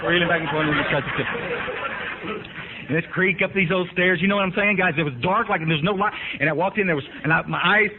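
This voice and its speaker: A man's voice: fairly high pitch, a little hiss or hum. A man telling his recovery story in a folksy, emphatic way, often asking the room if they follow. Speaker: recovery speaker. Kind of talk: recovery meeting talk. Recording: tinny lo-fi archive tape.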